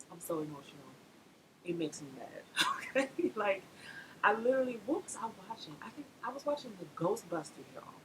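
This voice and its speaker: Chatty young woman vlogging with background noise. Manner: chatty, laughs often, animated pitch swings. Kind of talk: casual pregnancy update vlog.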